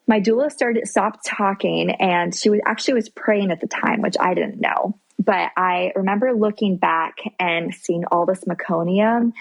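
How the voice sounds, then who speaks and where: A woman's voice: lowish voice, gravelly, low-quality recording. A young adult woman earnestly telling her birth story as a podcast guest, recorded at home.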